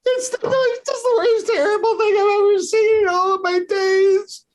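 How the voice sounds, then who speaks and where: A man's voice: extremely high pitch, fairly even intonation, normal speed, pitched above the performer's own voice. A man voicing a hysterical young female car hop who shrieks and sobs in a tabletop game. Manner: shrieking and sobbing.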